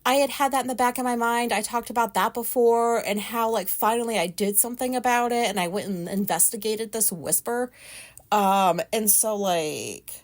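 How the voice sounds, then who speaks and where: A woman hosting her own podcast, talking loudly in a chatty, rambling and frank way about her life. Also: a little high, moderate pace. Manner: loud talker. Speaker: podcast host. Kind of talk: casual solo podcast monologue.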